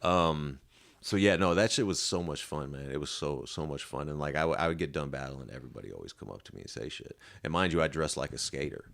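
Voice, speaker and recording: A man with a very low voice and a Midwestern American accent spins casual stories on a podcast. He is laid-back, swears freely and breaks into laughs. His talk stays loose and chatty throughout. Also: lively intonation, fast, gravelly, fairly bright tone. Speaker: podcast guest, battle rapper.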